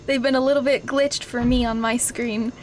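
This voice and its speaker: Female streamer, high and girlish, leisurely delivery, giggles through everything, faint background hiss. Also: fairly even intonation, moderate pace. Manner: giggly, laughs constantly, bursts into shrieks. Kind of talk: casual live-stream gaming chat.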